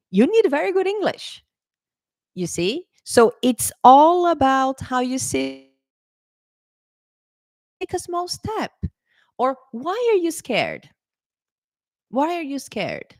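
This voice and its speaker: A woman teacher speaking straight to her students in an animated, coaxing way, her pitch jumping high for emphasis. The sound is close and dry, with no room around it. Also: dry recording. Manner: lively, animated, coaxing, repeats "okay?" and "right?". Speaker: English teacher. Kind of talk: casual talk to camera.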